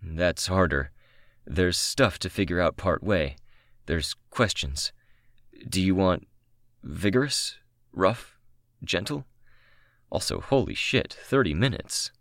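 A man reading the lines of a nervous young woman, lifting his pitch a little and speaking hesitantly. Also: lively intonation, takes it slowly, long pauses, a bit bright, no room sound, studio quality, full character voice. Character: nervous young woman, the first-person heroine.

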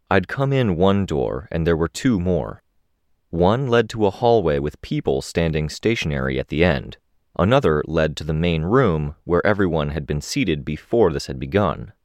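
Deep-voiced man narrating a story. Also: dry recording, clean studio sound. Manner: steady, descriptive. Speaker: audiobook narrator. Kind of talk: first-person fan audiobook narration.

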